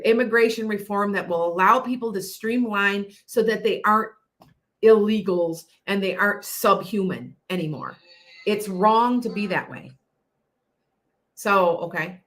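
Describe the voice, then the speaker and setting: Bright-voiced rambling woman psychic. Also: mid-range voice. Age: middle-aged. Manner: rambling, jumps between thoughts, many restarts. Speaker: psychic host answering viewers. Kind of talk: casual livestream chat.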